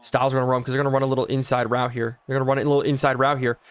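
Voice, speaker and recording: A male streamer rattles off quick play-by-play over a football video game, his words tumbling out fast. He jumps to excited yelling on big plays and talks straight to his live chat between snaps. His voice sits at an ordinary middle pitch. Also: smooth, no echo. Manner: hyped play-by-play, chatting with viewers. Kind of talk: live gameplay commentary.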